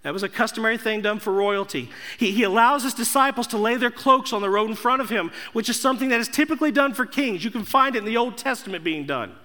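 High, bright-voiced preaching man. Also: quick pace, few pauses. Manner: emphatic preaching with rising, repeated declarations. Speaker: pastor. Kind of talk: sermon. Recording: echoey hall.

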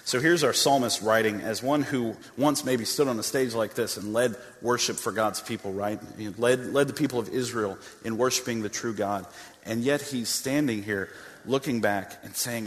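A man's voice: medium pitch, normal speed, in a large hall. A man preaching a sermon as a pastor, earnest, reading scripture aloud and repeating words as he restarts. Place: church sanctuary with a stage.

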